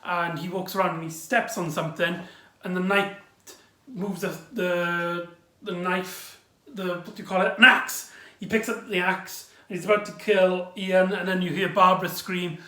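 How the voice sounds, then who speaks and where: Man, casual episode review, excitable rambling retelling, bright high voice, echoey room. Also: normal speed.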